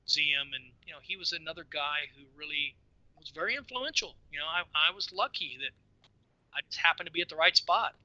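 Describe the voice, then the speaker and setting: 60s guy telling stories on a podcast, super bright voice, kinda dull muffled sound. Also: a little high, brisk, no room sound. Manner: animated, repeats words as he goes. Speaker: podcast guest. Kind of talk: casual storytelling.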